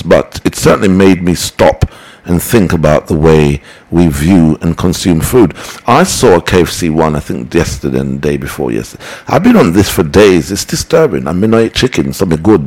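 Lively low-voiced man. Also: slightly rough, poor audio. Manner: rambling, preachy, animated. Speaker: host reading listener comments. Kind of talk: casual broadcast talk.

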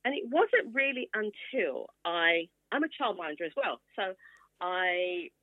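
Lively woman in her sixties. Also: on the low side, measured pace, dry recording. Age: 60s. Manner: lively storyteller acting out quotes. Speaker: author guest. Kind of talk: casual storytelling interview. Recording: tinny phone-like line, dry.

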